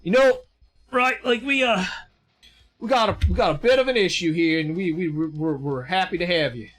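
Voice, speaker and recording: A big, bulky guard with a rough but genuine manner, voiced by a man, speaks in a raised, hearty tone. He stammers warmly through his words, with faint music underneath, as in a tabletop game. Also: sits high, normal speed. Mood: welcoming.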